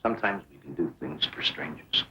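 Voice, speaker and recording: An actor playing an earnest stranger who speaks calm encouragement in an old action film. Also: male voice, brisk, slight background noise, heavily acted. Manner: earnest, low-key encouragement.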